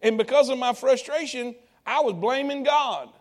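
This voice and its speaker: High-voiced preacher man. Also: moderate pace. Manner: call-and-response preaching to congregation. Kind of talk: sermon.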